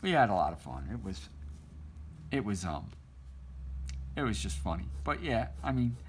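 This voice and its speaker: A middle-aged man with a fairly low voice tells an old story while he draws. He rambles and restarts, and he laughs often as he talks. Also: sing-song, moderate pace, slight background noise. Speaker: artist drawing on stream. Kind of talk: casual storytelling while drawing.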